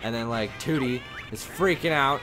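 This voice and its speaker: A man hosting a let's play, commentating in an energetic, rambling, laughing way. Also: mid-range voice, moderate pace, over music. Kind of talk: game commentary.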